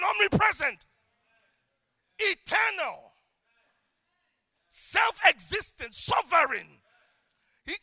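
A middle-aged male preacher delivering an impassioned sermon, swinging between shouted declarations and quiet, intimate asides. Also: very high-pitched, gravelly, dry recording.

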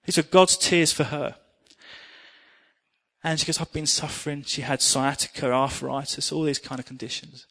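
A middle-aged man preaching a sermon, telling personal stories in an earnest, animated way. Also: medium pitch, normal speed, gravelly.

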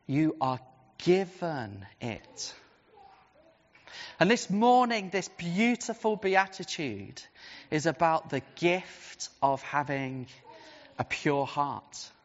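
Chaplain, animated storytelling sermon, long church echo, dull lo-fi sound. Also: medium pitch, slow pace. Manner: animated, vivid storytelling with swings of pace. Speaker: preacher and city centre chaplain.

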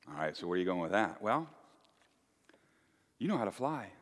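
A male pastor giving a folksy, animated sermon with playful asides to the congregation. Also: low voice, moderate pace, pauses often. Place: church. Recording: echoey church hall.

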